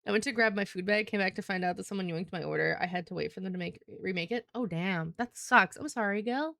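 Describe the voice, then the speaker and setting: A woman's voice: lowish voice, fairly even intonation, fast talker, vocal fry, fairly bright tone, dry recording, studio quality. A young woman streaming live, chatting casually with her viewers while she works. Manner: chatty, demonstrates voices.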